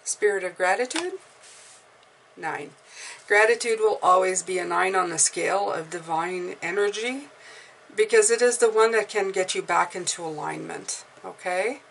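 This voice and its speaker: A woman tarot reader giving an encouraging, casual spiritual pep talk, often repeating herself and breathing deeply aloud. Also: normal speed, vocal fry, fairly bright tone. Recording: mic at a distance, faint background noise.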